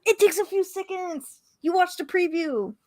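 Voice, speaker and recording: A woman's voice: extremely high pitch, normal speed, a little mellow, no echo. A woman, a podcast co-host, teasing her partner with laughs in casual chat.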